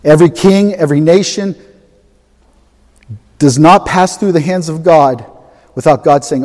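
A man preaching a sermon, emphatic and animated, swinging from loud to soft. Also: a little high, moderate pace, long pauses. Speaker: pastor. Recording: long hall reverb.

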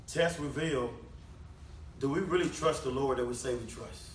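A man's voice: medium pitch, normal speed, slight background noise. A man preaching a sermon, talking to the congregation conversationally and firing off rhetorical questions. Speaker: pastor. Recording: echoey room, mic at a distance.

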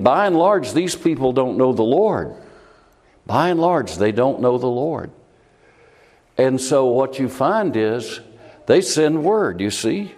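A male preacher delivers an expository sermon, his voice rising and falling as he asks his listeners questions. His mid-range voice carries a long hall reverb, as if recorded in a church. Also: mid-range voice. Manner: animated, rhetorical questions, shifting loudness.

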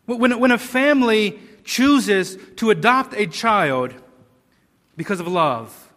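A man's voice: high voice, lively intonation, slow pace, a bit bright, big-room sound. A man preaching a sermon, earnest and emphatic, with rhetorical questions and repeated words.

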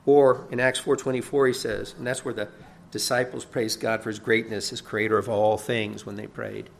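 A pastor with a fairly low, vocal-fried voice preaches at normal speed, his pitch barely moving. Earnest and emphatic, he often repeats a word while building a point, his emphasis climbing, with a chuckle here and there.

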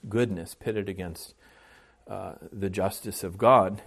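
A man's voice: low voice, steady tone, slow, vocal fry, breathy edge. A man preaching a sermon as pastor, earnest, with restarts and swells of volume on key phrases.

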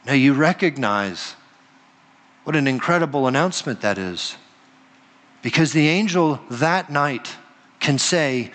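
A man preaching a sermon as pastor, earnest, with dramatic pauses and quoted voices. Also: a little high, animated, fairly bright tone. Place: church sanctuary. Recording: long reverb of a large hall.

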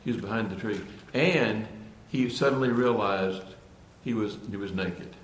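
A man's voice: on the low side, unhurried, a little hiss or hum. A man preaching a sermon with earnest emphasis, often repeating and restarting phrases before building to emphatic points. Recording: echoey room.

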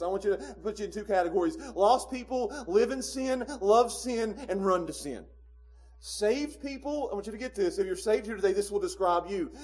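Preacher, man in his thirties, high voice, quiet-to-loud emphatic sermon delivery in a church. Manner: swings between quiet low stretches and loud emphatic peaks, with chuckles. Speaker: pastor. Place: church sanctuary.

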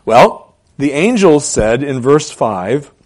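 A man preaching a sermon as pastor, asking rhetorical questions and repeating key phrases for emphasis, swinging between loud and soft delivery. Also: medium pitch, sing-song, takes it slowly.

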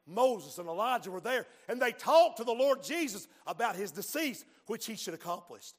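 Preacher guy, real high voice, goes quiet then hollers, big reverby church sound. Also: expressive, normal speed, few pauses. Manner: swings from hushed storytelling to shouted exhortation. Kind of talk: sermon. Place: church sanctuary. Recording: long hall reverb.

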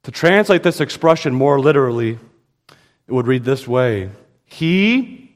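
A man preaching a sermon as pastor, emphatic, with sudden rises in pitch and slow, stressed quotations. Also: in a large hall.

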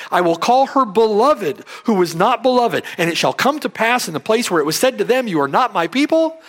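Male preacher, fairly high voice, animated delivery, emphatic sermon reading. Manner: emphatic, rising and falling sharply for stress.

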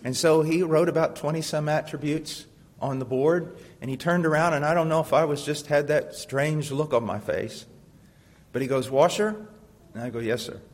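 A man preaching a sermon with passion, asking rhetorical questions and swinging from hushed tones to loud ones. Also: fairly high pitch, normal speed. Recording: long hall reverb.

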